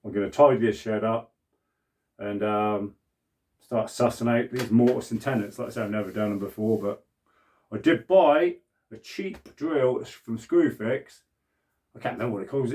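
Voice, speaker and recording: An older British man in his sixties, chatting away to his camera in a cramped shed as he works. His voice is dark and mellow, with a loose, rambling flow. He keeps up a running patter with himself as he goes. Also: lowish voice. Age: 60s. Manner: chatty, rambling, self-talk while working. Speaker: woodworking vlogger. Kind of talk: casual workshop chat to camera. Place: small cluttered shed. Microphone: camera on a mount.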